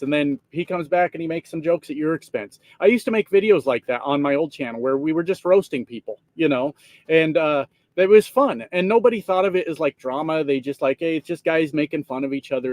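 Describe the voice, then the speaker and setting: A man's voice: fairly high pitch, expressive, brisk, darkish tone, no room sound. A man, hosting a trucker livestream from his truck, chatting casually and reading comments, swearing freely and laughing often. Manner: profane, rambling, laughs often. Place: inside a truck cab.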